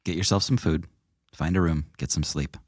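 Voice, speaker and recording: A man voicing a wary, quietly threatening pirate captain. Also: extremely low pitch, normal speed, breathy edge, no room sound, studio quality. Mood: probing.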